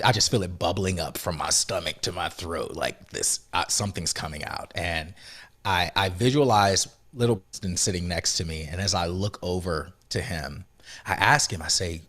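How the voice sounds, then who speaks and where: A man being interviewed as an author and speaker, telling a personal story earnestly and with emotion, often soft and then rising with conviction. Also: deep voice, normal speed. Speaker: podcast guest, author and motivational speaker.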